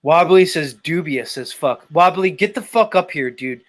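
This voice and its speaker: Man, podcast host, swears a lot, ranting and goading, fairly high voice. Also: animated, normal speed. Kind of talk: casual chat.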